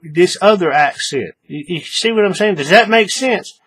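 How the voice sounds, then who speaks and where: Speaking at a moderate pace, he has a high, slightly rough voice. His casual crafting demonstration goes step by step, repeats itself, and keeps pausing to make sure the viewer follows.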